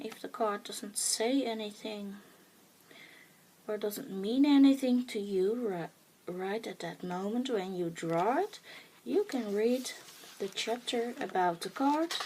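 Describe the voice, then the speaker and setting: A woman with a Dutch accent, talking softly and hesitantly in a casual show-and-tell vlog, often dropping into a whisper, with many pauses and fillers. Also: mid-range voice, a little hiss or hum, poor audio. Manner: soft-spoken, often slipping into a whisper. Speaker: craft vlogger.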